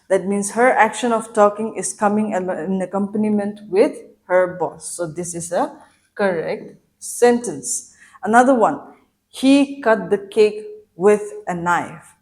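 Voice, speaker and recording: A woman's voice: mid-range voice, darkish tone. Woman teaching grammar step by step. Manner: asks rhetorical questions and reads example sentences slowly. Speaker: English teacher. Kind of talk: explanatory grammar lesson.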